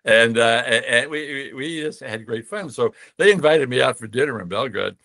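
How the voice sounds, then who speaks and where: An older man from the United States, a podcast guest telling long stories with many restarts, getting animated when he quotes other people. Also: medium pitch, normal speed, dry recording. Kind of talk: storytelling interview.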